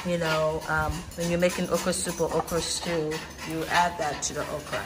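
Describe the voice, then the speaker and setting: A woman, vlogging casually and explaining things plainly, often pausing to find her words. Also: low voice, level tone, loud music behind the voice, poor audio. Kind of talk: casual vlog narration. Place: outdoor porch used as a kitchen. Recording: outdoor ambient noise.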